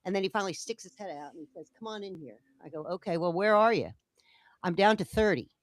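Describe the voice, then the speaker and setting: A woman's voice: mid-range voice, expressive, fast talker, no echo. A woman co-hosting a casual chat, telling a story animatedly and acting out the dialogue of the people in it. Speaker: co-host.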